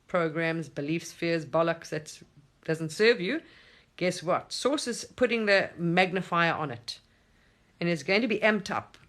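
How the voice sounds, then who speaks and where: A spiritual teacher talking casually to camera at home, animated, swearing and laughing often. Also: medium pitch.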